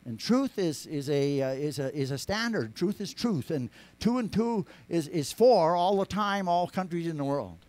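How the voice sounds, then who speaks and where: A man preaching a sermon, rambling with many restarts, rising to emphatic lines and dropping to quiet asides. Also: on the high side, expressive, moderate pace, hardly any pauses. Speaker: pastor.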